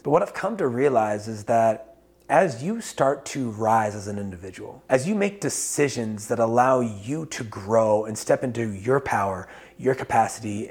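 Male coach, 30s, rough husky voice with fry, candid motivational vlog delivery, curses freely, builds to emphatic. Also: medium pitch, darkish tone. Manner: casual and candid, swears freely, grows emphatic. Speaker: life coach. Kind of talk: motivational talk to camera.

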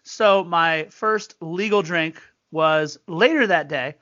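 Chatty high-voiced man hosting a podcast. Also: slow, no echo, lo-fi sound. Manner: chatty storyteller, animated quoted voices. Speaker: podcast co-host. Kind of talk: casual sports podcast chat.

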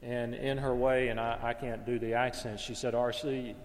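A man's voice: mid-range voice, little pitch movement, normal speed, long reverb tail. A man preaching a sermon in an earnest, conversational way, sometimes stopping to correct himself. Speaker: pastor.

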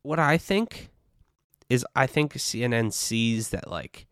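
A man talking alone into a podcast microphone, rambling and swearing freely in loose, animated chat. His voice has a mid-range pitch for a man. The sound is close and dry, with no room around it. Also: takes it slowly, no room sound. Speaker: podcast host. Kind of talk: casual solo podcast monologue.

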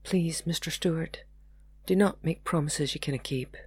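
A woman voicing a gentle, composed young mother who speaks with formal, polite period manners. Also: sits low, normal speed.

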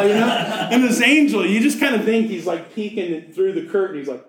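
A man's voice: high voice, expressive, moderate pace, few pauses, roomy sound, crowd noise, rough recording. A man preaching a sermon as pastor, reading scripture and then retelling it with jokes and playful asides.

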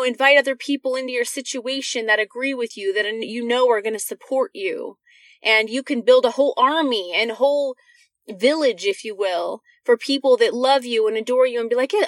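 A woman's voice: on the high side, fairly bright tone, no echo. A woman giving an earnest devotional talk to women, reading scripture verses and speaking directly to her listeners with encouragement.

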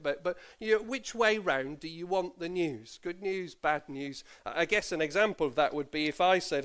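A man, a pastor, reading scripture and preaching a sermon, playful and lively as he asks children questions. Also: on the high side, brisk, few pauses, clean tone. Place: church service.

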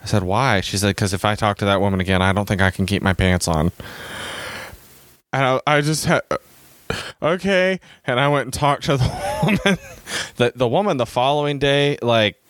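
A man's voice: mid-range voice, fairly quick, a bit bright, no echo. A man telling rambling, self-mocking travel stories in a casual chat, acting out the people he quotes.

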